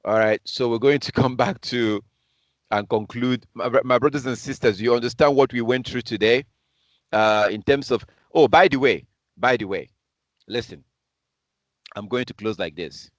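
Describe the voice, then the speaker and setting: A man's voice: medium pitch, moderate pace, dry recording, studio quality. A man from Africa commenting on news clips as a preacher, in a heated, repetitive and scornful way. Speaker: online preacher.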